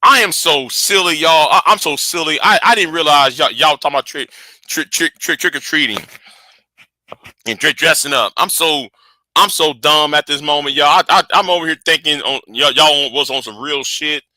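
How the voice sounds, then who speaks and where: A man's voice: a little high, moderate pace, pushed and bright, no echo, studio quality. A man in his early forties with a casual, rambling way of talking. He chats from home on a livestream, often repeating words as he answers his viewers. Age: early 40s. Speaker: channel host.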